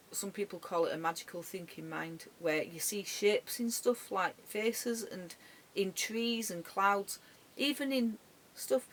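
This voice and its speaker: A tearful woman recording a personal vlog from her caravan bedroom, speaking haltingly with many restarts and soft, trailing words. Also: medium pitch. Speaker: dog owner. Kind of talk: emotional personal vlog tribute.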